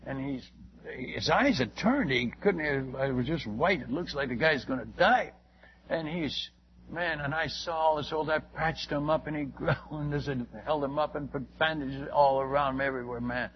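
Older guy spinning a rambling mission story, voice a bit high, muffled old recording w faint hiss. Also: moderate pace. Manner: folksy, rambling, frequent restarts and asides. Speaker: missionary telling a field story. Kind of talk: casual storytelling to a group.

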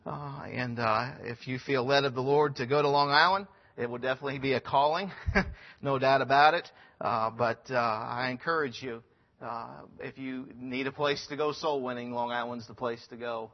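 Missionary man, mid pitch, earnest and chatty church report, muffled lo-fi sound. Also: steady tone, normal speed. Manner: earnest, conversational, frequent ums and restarts. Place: church sanctuary.

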